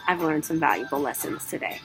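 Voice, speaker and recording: A woman's voice: low voice, fairly quick, over music, rough recording. A young woman vlogger telling a travel story in a casual way, acting out her own panic. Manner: animated, acts out her own panic in quotes.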